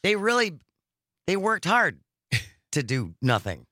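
A man's voice: sits high, huge pitch swings, slow, pushed and bright, dry recording. A man hosting a political talk radio show, reading news items and joking sarcastically with his co-host in a studio. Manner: wry, sarcastic, reads news items aloud. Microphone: studio microphone.

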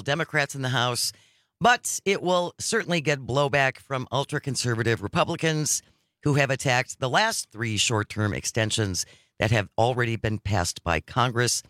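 A man's voice: medium pitch, normal speed, sharp tone, no echo. A man hosting a political talk radio show, reading news items and joking sarcastically with his co-host in a studio. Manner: wry, sarcastic, reads news items aloud. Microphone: studio microphone.

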